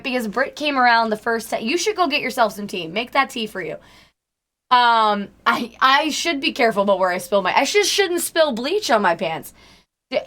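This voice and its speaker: A young woman streamer with a slightly high, bright voice sounds sick and strained. She rambles casually in a live-stream chat and greets her viewers by name.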